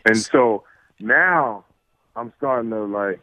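A man tells stories as an interview guest, lively and loose, full of restarts and little acted-out exchanges. His voice comes through a tinny, phone-like line, dry and close. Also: lowish voice, slow, no echo. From New York. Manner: animated, acts out quoted exchanges, many fillers and restarts. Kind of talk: casual storytelling.

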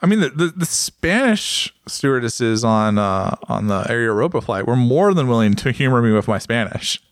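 American man, podcast co-host, casual rambling chat, mid-pitched voice, dry close sound. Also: sing-song, normal speed, no room sound. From United States. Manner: joking, rambling storyteller.

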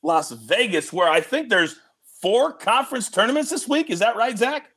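A man hosting a sports betting show, animated and joking as he teases his guests. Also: sits high, moderate pace, breathy edge.

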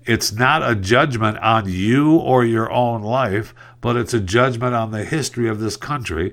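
A man's voice: mid-range voice, measured pace, fairly bright tone. A man hosting a solo podcast, talking through the news in a sarcastic, rambling way and tripping over words. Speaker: podcast host. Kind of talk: casual solo podcast commentary.

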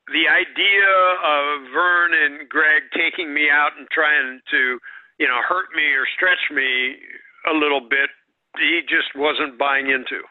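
A man's voice: on the high side, dry recording. Older man telling stories over a tinny line. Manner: keeps clearing his throat, rambling with fillers. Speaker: podcast guest, former wrestling announcer. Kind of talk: anecdotal storytelling. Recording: tinny phone-like line, dry.

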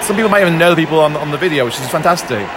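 A man's voice: a little high, animated, rapid-fire, noisy background. A man with a Yorkshire accent, a fan group organiser, talking with an enthusiastic, rambling manner. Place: busy bar. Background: loud crowd.

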